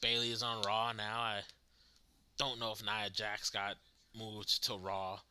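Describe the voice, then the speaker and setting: This wrestling reaction streamer has a lowish voice with a clear, resonant tone and a measured pace. He's lively, talks straight to his chat, and breaks into laughter a lot.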